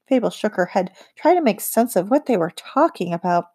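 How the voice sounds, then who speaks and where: A woman narrating an audiobook in a calm, measured storytelling voice. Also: medium pitch, slightly rough.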